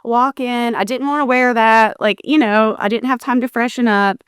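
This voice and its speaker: Woman cohost, kinda high clear voice, emotional rambly chat, dry close sound. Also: steady tone, moderate pace, dry recording. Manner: emotional, rambling, self-interrupting. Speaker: co-host. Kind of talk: conversational chat.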